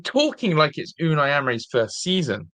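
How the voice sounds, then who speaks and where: A man's voice: fairly high pitch, big pitch swings, normal speed, bright, forceful tone. A man hosting a live-streamed football fan show, ranting in exasperation and repeating himself. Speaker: fan channel host.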